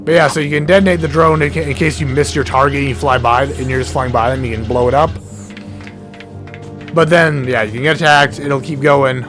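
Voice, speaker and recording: A man with a middling pitch talks through a video game in loose, rambling commentary, correcting himself mid-sentence and tossing in jokey asides. His voice is wearing out and turning hoarse, cracking now and then. Game music plays clearly behind him. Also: steady tone, a little fast. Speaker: let's play host. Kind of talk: casual gameplay commentary. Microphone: desk mic with a cable that gets knocked.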